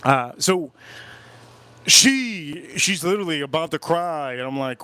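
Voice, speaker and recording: Man telling a spooky story, animated. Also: fairly high pitch, unhurried, clean tone. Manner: animated, repetitive, keeps breaking off about goosebumps. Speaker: whiskey channel host. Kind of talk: casual livestream storytelling. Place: home, live stream.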